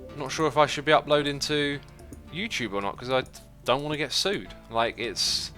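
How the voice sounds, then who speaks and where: Man, livestream host, bright forceful voice, casual rambling chat, faint music behind. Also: medium pitch, moderate pace. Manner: thinks aloud with many fillers and restarts.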